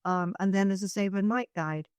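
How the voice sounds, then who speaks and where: A woman's voice: mid-range voice, normal speed, a little mellow, clean tone, no room sound. An older woman from Scotland with a Scottish accent, chatting as a podcast guest. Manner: chatty, with frequent restarts. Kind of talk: casual chat.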